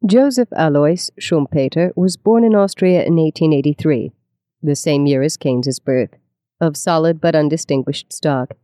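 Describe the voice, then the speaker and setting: A narrator giving a measured, scripted nonfiction audiobook reading. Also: mid-range voice, mellow, dry recording, clean studio sound.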